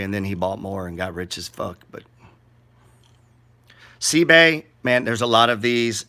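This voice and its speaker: A man's voice: fairly low pitch, pushed and bright. A middle-aged man giving casual, rambling market commentary in a blunt, profane and sarcastic way.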